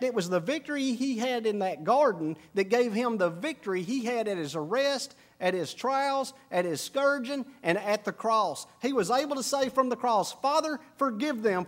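A man preaching a sermon, dropping to a hush and then building to emphatic peaks. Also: very high-pitched. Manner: preaching with wide swings from hushed to emphatic. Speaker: pastor.

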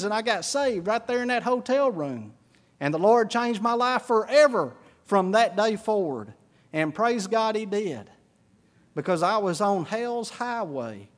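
High-voiced preacher man. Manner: storytelling preacher, swings from hushed to shouting. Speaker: pastor. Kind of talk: sermon.

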